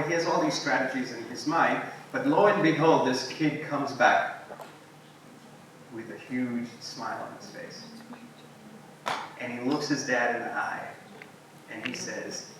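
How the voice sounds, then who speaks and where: A man giving a relaxed, anecdotal keynote talk to an audience, telling stories with frequent ums and asides. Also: medium pitch, measured pace. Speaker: invited guest speaker. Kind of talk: conversational storytelling keynote talk. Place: large echoing university hall. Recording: echoey hall, distant mic, faint noise.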